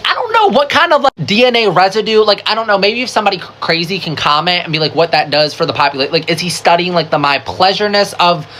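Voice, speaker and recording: With slight background noise behind a mid-range voice, a storyteller in a casual storytime video chats through the tale. They swear freely, lean on "like" constantly, and dramatize the story with animated impressions of other people's words.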